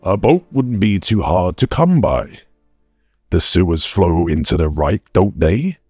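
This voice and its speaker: A man voicing a gruff one-eyed male dwarf warrior who speaks curtly, with faint music behind. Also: low-pitched, big pitch swings, unhurried, a little mellow, dry recording, exaggerated voice. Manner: curt, blunt, few words. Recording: dry close mic, faint music bed.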